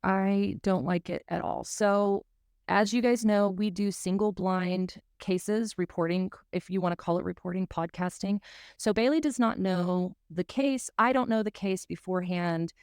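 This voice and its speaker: A woman's voice: mid-range voice, a little slow, darkish tone, clean tone, no room sound, studio quality. A woman from South Mississippi, hosting a podcast in an earnest, emotional, enthusiastic way. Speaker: podcast host. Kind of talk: casual podcast chat.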